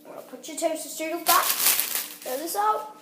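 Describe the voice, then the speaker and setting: A woman makes a goofy, rambling how-to vlog demonstrating a snack, cutting herself off with silly asides. Her voice is extremely high with lively intonation, and she speaks at a normal speed. The sound is roomy and very noisy.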